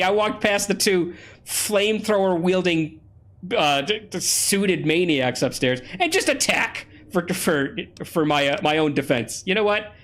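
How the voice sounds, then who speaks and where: A man's voice: on the high side, normal speed. A man giving casual, playful commentary while playing a video game, a little under the weather. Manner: playful, chatty, excitable. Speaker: let's play host.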